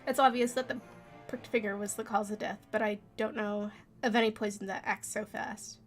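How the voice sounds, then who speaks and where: A woman's voice: mid-range voice, level tone, moderate pace, faint music behind, lightly acted. A woman voicing an inquisitive young male lawyer who asks pointed, level questions. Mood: inquiring.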